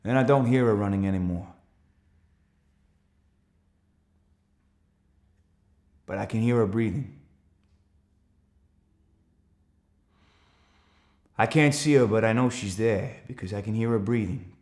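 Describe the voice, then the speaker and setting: A man's voice: on the low side, fast talker, natural voice. A man from Australia acting a stage monologue, playing an anxious countryman who earnestly recounts a night drive. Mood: urgent. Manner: earnest, rising to urgent shouts when retelling the chase. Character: anxious rural man, defensive storyteller. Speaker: actor performing a stage monologue. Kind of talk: theatrical monologue.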